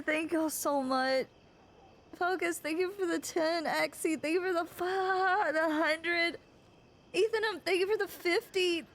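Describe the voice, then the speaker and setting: High-voiced emotional young woman streamer. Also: steady tone, a little slow, slight background noise. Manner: emotional, gushing, near tears; rambling, repeats herself. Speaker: live streamer. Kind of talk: casual live-stream chat.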